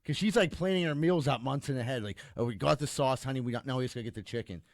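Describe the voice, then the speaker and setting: A man's voice: medium pitch, rapid-fire, dry recording. A man co-hosting a casual podcast, joking and spinning out hypothetical scenarios. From Pittsburgh area. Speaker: podcast co-host.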